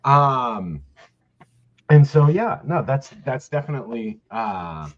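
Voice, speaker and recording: A man's voice: medium pitch, expressive, slow pace. A man chatting as a podcast host, blunt and joking, swearing without a second thought. His audio comes through dull and a bit lo-fi. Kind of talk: casual chat.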